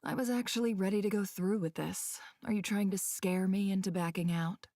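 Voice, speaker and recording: An actress voicing a sharp-minded female leader in a game, analytical and dryly witty. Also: mid-range voice, brisk, natural voice. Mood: resolute.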